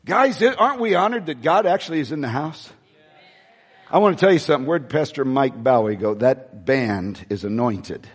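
A male pastor preaching a sermon in a large church, with emphatic peaks and quieter asides. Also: medium pitch, lively intonation, normal speed, husky. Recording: long church hall reverb.

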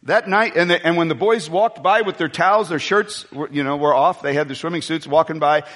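High-voiced male pastor in a reverberant hall. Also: a little fast, fairly bright tone. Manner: rambling, storytelling asides, call-and-response with the congregation. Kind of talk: sermon.

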